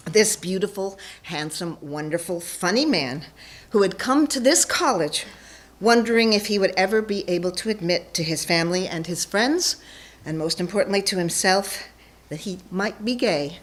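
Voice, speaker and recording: A woman's voice: lowish voice, moderate pace. A woman telling a personal story onstage before a live audience, playful and self-mocking.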